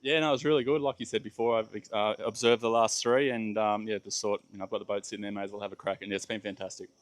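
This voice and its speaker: An easygoing man talks about his first tournament. He speaks very fast. His voice is lowish and the sound is dry. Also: steady tone, dry recording. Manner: rapid, low-key, easygoing. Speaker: first-time tournament angler.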